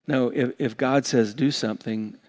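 A man's voice: medium pitch, fairly even intonation, normal speed, darkish tone. A man preaching a sermon to his congregation, earnest and emphatic, often repeating and restarting words. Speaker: pastor.

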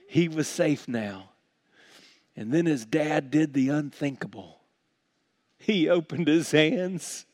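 High-voiced preaching pastor, dry sound. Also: male voice, dry recording. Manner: preaching with big swings from quiet to shouted. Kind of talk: sermon.

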